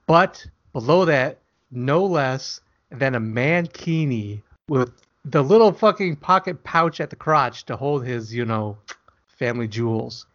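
A man co-hosting a casual podcast, teasing and crude with a deadpan delivery. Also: medium pitch, a little slow, dull audio. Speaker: author and podcast co-host.

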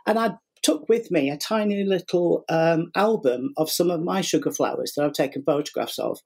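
A man's voice: a little high, normal speed, creaky, a little mellow, breathy edge. A middle-aged man telling a long story in a casual interview, rambling with fillers and acting out what people said. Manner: rambling, many fillers and repeats, acts out quotes. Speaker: guest, sugar flower artist and teacher.

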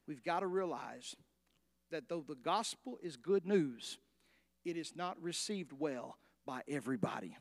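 A man preaching with a high-pitched voice. He is animated, acts out the story with little voices, and keeps asking the congregation questions. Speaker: pastor. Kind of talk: sermon.

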